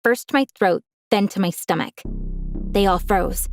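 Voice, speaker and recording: A woman's voice: mid-range voice, moderate pace, no echo, soft background music. A young woman telling a dramatic first-person story, gasping now and then for effect.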